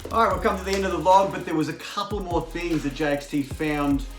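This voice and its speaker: A man's voice: fairly high pitch, fast, soft background music. A man, hosting casually and chatting enthusiastically with his guest. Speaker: host. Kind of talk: casual chat.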